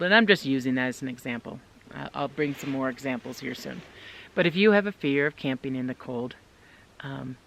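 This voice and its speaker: Casual talk to camera: a woman vlogging solo winter camping chats cheerfully with viewers from her tent in the snowy woods. Her voice sits low, with slight hiss or hum in the audio.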